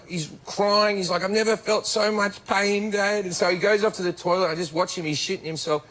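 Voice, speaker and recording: A man's voice: fairly high pitch, fairly bright tone. A middle-aged man with an Australian accent, telling brash comic stories as a talk show guest, laughing and slipping into mock voices. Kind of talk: comic storytelling on talk shows.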